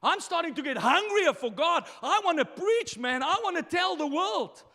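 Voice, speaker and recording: A man preaching a sermon as pastor, impassioned, moving between quiet asides and shouted lines. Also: very high voice, very animated, moderate pace, big-room sound.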